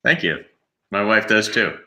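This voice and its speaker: A man's voice: fairly low pitch, unhurried, pushed and bright. A middle-aged man giving a video call interview with dry, wry humor. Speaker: guest actor.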